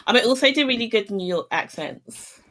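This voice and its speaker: A woman guesting on a casual livestream talk show, playful and giggly, with halting starts. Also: on the high side, expressive, pushed and bright. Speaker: guest streamer.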